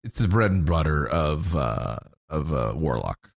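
A man playing a tabletop game, halting and jokey, with lots of fillers. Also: very deep voice, expressive, gravelly. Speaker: player.

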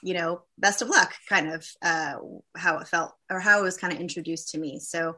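Bright-voiced woman telling a heartfelt story. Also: fairly low pitch, steady tone. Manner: candid, halting, many fillers and restarts. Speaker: guest. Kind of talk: personal testimony in a conversation.

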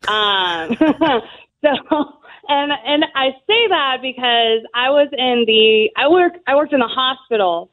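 A woman guest telling service stories in a casual, laughing way, full of "like" and "um". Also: on the high side. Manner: chatty, laughs often, fillers like "like" and "um". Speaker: guest, Army veteran. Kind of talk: casual interview storytelling. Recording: tinny phone-like line.

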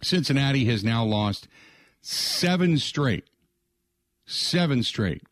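A man's voice: mid-range voice, animated, takes it slowly, a bit bright, no echo. A man hosting a sports radio show, talking casually through last night's game with plenty of fillers. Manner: conversational, frequent "uh" fillers, rattles off game stats. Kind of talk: sports talk radio monologue.

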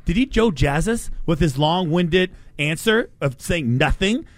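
A man hosting a casual talk show who tells stories in an animated way and laughs often. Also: fairly high pitch, unhurried, no echo. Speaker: podcast host. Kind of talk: casual chat.

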